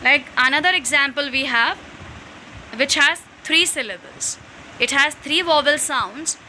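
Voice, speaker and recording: Woman, high voice, slow step-by-step explaining, faint hiss behind. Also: pushed and bright, poor audio. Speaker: English teacher. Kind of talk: slide-based lesson explanation.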